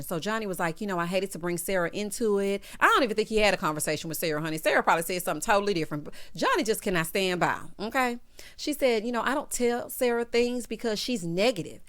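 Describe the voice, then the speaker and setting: Sassy woman with a lively voice. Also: medium pitch. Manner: sassy, exclamatory, frequent "child" and "honey". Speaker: reality TV recap vlogger. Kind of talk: casual episode recap and commentary.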